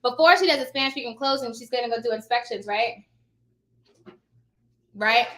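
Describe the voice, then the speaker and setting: A woman's voice: a little high, moderate pace, fairly bright tone. A woman in her thirties chatting casually to her viewers, telling stories and calling them y'all. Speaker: notary signing agent vlogger.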